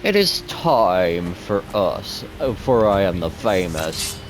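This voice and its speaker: A man voicing a classy old-world male vampire count in a put-on Dracula accent, low and refined. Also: very animated, slow pace, noisy background, exaggerated voice. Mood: suave.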